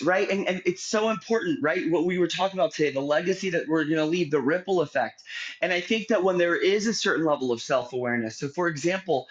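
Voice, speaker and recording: Male livestream host, high-pitched, upbeat and pushy about audience shares. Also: dull audio. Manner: energetic, rallying viewers to share. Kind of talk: livestream interview.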